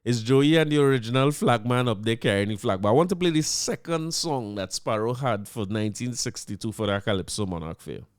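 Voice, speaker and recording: A man's voice: medium pitch, brisk, few pauses. A man with a Trinidadian accent hosting a podcast in a loose, conversational way, often repeating words as he finds his phrasing. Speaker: podcast host. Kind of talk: casual commentary.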